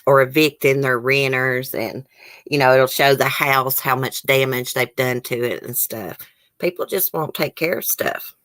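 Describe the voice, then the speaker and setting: A woman talks casually to her live-stream audience, reading comments aloud as she goes. Her voice sits low for a woman. She keeps an easygoing, chatty manner. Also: fairly bright tone. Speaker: YouTube host.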